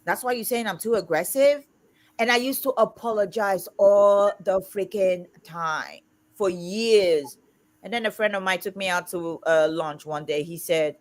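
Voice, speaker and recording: A woman in her fifties hosting a casual livestream chat, talking loudly and emphatically. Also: mid-range voice, moderate pace. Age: 50s. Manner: loud, emphatic and outspoken. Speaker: livestream host.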